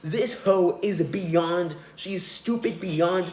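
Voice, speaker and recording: A man's voice: high voice, takes it slowly, darkish tone. A young man hosting a solo podcast, ranting with profanity and scorn. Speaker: podcast host. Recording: roomy echo.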